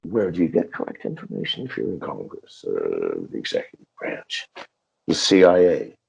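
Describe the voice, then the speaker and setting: A man's voice: very deep voice, wildly swooping pitch, normal speed, creaky, husky. An older man telling stories in an interview, blunt, defiant and swearing freely, heard over a video call. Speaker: interview guest. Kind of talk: profane storytelling interview. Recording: dull lo-fi video call audio.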